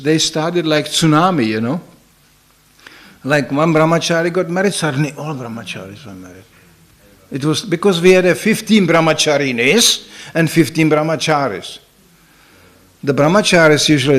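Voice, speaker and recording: A man's voice: fairly high pitch, a bit bright. An older man giving a spiritual talk, telling humorous anecdotes in a chatty way and often saying "you know". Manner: humorous, laughs at his own stories. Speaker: spiritual teacher. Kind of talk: sermon storytelling.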